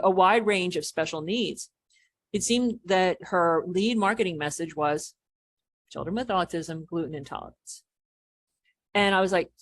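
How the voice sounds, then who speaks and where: A woman business coach answering as a podcast guest, explaining animatedly and acting out what people say. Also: lowish voice. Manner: animated explaining, acts out quoted remarks.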